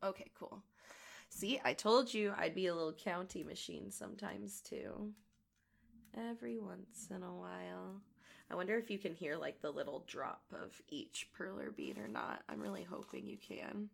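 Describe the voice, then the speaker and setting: A woman with a gravelly voice today, chatting casually and rambling as she crafts. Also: medium pitch, normal speed. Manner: rambling and chatty, many fillers. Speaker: audio creator and crafting vlogger. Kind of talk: casual chat while crafting.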